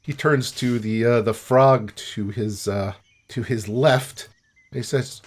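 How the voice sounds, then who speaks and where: A man's voice: mid-range voice, slow pace. A man narrating a tabletop game as game master, playful and descriptive, over a remote call microphone. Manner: playful, descriptive, laughs easily.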